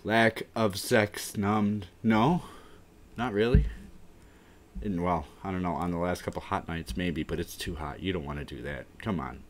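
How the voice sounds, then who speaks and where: A man hosting a casual live stream, rambling and mumbling his thoughts out loud in a warm indoor room. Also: low voice, unhurried. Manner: rambling, mumbling, talking to himself.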